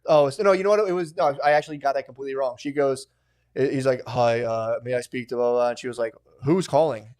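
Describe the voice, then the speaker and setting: Young man, podcast co-host, casual profane chat, animated storyteller, mid-pitched voice, laughs a lot. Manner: animated storytelling, laughs often, quick asides.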